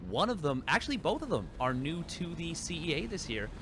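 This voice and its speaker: A man's voice: fairly high pitch, sing-song, brisk, noisy background. A man casting a live esports match, rambling and correcting himself with lots of fillers. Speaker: esports caster. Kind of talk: live game commentary.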